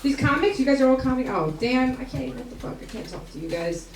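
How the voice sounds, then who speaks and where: A woman's voice: high voice, expressive, quick pace, gravelly. A woman comedian doing stand-up, teasing the audience in a brash, profane way. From Albania. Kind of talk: stand-up comedy with crowd work. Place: comedy club stage before a live audience. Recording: roomy club sound, distant, crowd noise.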